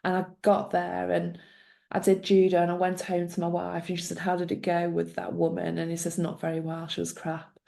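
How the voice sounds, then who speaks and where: A woman's voice: fairly low pitch, completely flat delivery, fairly quick, creaky, dark tone. A middle-aged woman, a guest telling her story in conversation and acting out the dialogue she quotes. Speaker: guest, former social worker.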